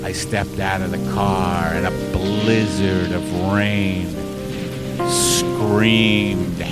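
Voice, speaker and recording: Man, comedy podcast host, surreal rambling narration, unhurried, low voice. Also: level tone, loud music behind the voice. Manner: rambling, surreal, self-interrupting. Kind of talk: absurd improvised storytelling and casual chat.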